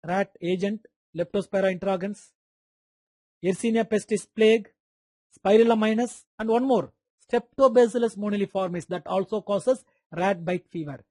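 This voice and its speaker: A man's voice: high-pitched, moderate pace, warm tone, no echo. A man with an Indian English accent giving an online medical lecture, quizzing students by name and repeating key terms.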